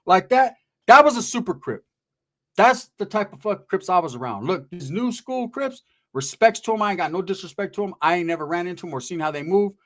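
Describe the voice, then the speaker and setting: Animated, slang-heavy man telling stories. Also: sits high, brisk. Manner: animated, slang-heavy, acts out other people's lines. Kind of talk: casual storytelling.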